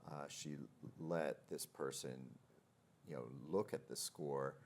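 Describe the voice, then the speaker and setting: Guy with a super deep voice asking questions slow, lots of uhs. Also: steady tone, darkish tone, a little hiss or hum. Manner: hesitant, halting, many fillers. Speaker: interviewer. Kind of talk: interview.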